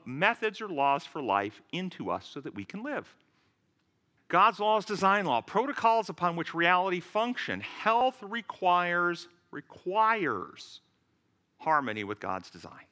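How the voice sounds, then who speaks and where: A man preaching a lecture-style sermon, earnest and deliberate as he tells his stories. His voice sits high for a man, with a wide, animated pitch range and a bright, forceful tone. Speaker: physician and speaker.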